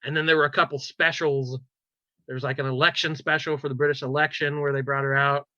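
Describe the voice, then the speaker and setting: A man's voice: medium pitch, level tone, fast talker, bright, forceful tone, dry recording. A man co-hosting a casual pop culture podcast, animatedly retelling a show with lots of "like"s and restarts. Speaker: podcast co-host. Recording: slightly dull, dry recording.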